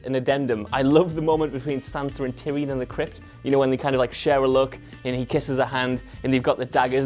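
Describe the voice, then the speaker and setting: A man's voice: medium pitch, a little mellow. A man, a panelist, chatting casually in an earnest, enthusiastic way. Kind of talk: casual chat.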